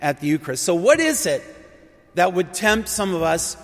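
Man, preacher, fairly high voice, earnest storytelling sermon, long hall reverb behind him. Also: big pitch swings, moderate pace. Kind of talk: conversational sermon.

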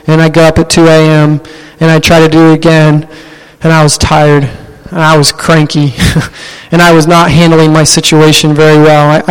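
A young man from Ohio telling a personal story to a live audience, animated and self-deprecating. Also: a little high, clear, resonant tone. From Ohio, USA. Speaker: speaker giving a personal testimony. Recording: long hall reverb.

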